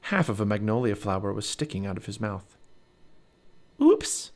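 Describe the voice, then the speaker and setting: A man reading a children's storybook aloud as narrator, expressive and animated. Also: lowish voice, fast.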